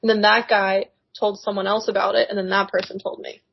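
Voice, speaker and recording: A young adult woman co-hosting a podcast over a remote call, chatting casually in an excitable, rambling way that often tips into giggles. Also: medium pitch, a little fast, vocal fry, breathy edge, muffled recording. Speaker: podcast co-host. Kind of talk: casual chat. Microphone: remote call microphone.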